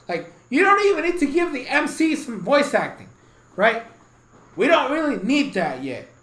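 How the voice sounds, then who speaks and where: A man's voice: sits high, fairly bright tone, echoey room, poor audio. A man giving a casual, rambling game review, swearing constantly and getting heated, with bursts of laughter.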